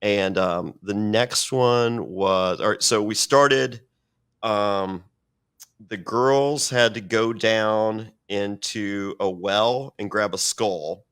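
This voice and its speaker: A man's voice: on the low side, slow pace, fairly bright tone, clean tone. A man telling a story as an interview guest, swearing often and restarting his sentences. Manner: profane, rambling with many restarts.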